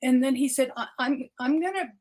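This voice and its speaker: A woman's voice: high voice, a little fast, a little mellow. An older woman, a doctor, telling her personal story as a podcast guest, earnest and often repeating words as she restarts her sentences.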